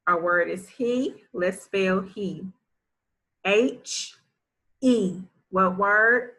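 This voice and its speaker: This woman has a mid-range voice that's pushed and bright, and she talks slowly. Teaching first grade phonics, she sounds out each letter individually and offers encouragement and frequent praise.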